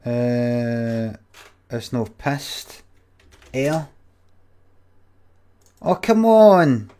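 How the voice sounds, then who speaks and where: A man's voice: mid-range voice, sing-song, very slow, warm tone. A Scottish man in his forties, rambling and swearing as he tells a story to his viewers on a stream.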